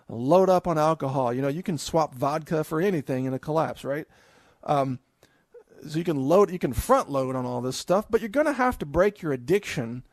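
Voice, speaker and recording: A man's voice: a little high, no echo, studio quality. A man giving a recorded audio seminar in a chatty, emphatic way, chuckling and restarting often. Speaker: podcast host.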